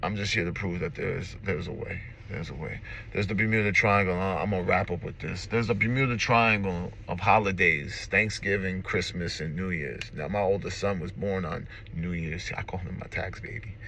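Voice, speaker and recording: A man's voice: sits low, steady tone, moderate pace, creaky, few pauses, bright, forceful tone, a little hiss or hum. A man in his forties sharing his recovery story in an earnest, emphatic way, emotional and close to tears, speaking from a car. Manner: earnest and emphatic, repeats slogans. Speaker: recovery vlogger. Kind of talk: personal testimony to camera.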